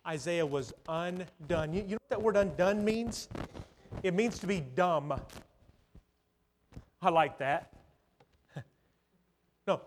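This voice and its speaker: High-voiced man preaching a sermon. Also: expressive. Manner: storytelling, swings from loud to hushed, dramatic pauses.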